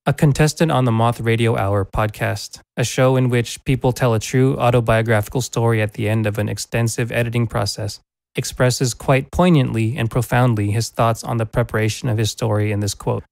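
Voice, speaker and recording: A man's voice: medium pitch, fairly even intonation, brisk, gravelly, darkish tone, no room sound. A male teacher reading a prepared lecture in an earnest, reflective manner, recorded close on a studio microphone. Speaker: teacher presenting a lesson. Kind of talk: scripted lecture narration. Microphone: studio condenser microphone.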